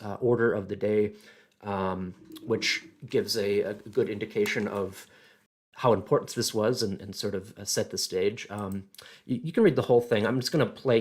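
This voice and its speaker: A man presenting a casual history talk, halting and thinking aloud with many fillers. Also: on the low side.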